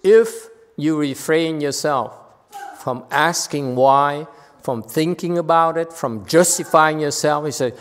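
Slow, playful man teaching in a hall. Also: fairly high pitch. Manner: playful, rhetorical questions, repeats key phrases. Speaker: spiritual teacher. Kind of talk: dharma talk to a congregation.

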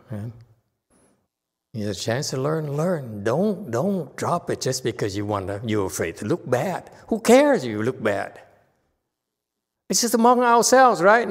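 Male teacher, informal lecture, teasing manner; slow pace, recorded with long reverb. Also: mid-range voice, gravelly. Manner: chatty, teasing, with frequent "okay?" asides. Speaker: Buddhist teacher lecturing on a sutra.

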